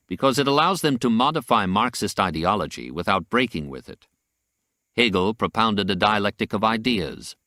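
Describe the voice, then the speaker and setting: A man reads nonfiction aloud in a deep, low voice. His pitch rises and falls with lively movement, and his delivery is deliberate and measured. The recording is dry and close, with no room sound. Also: no room sound. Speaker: audiobook narrator. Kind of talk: scripted nonfiction audiobook reading.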